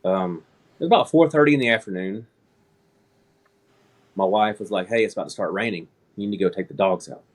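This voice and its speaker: A man's voice: on the low side, fairly quick, long pauses. A man in his thirties, an air traffic controller, telling a personal story in casual conversation and laughing at himself.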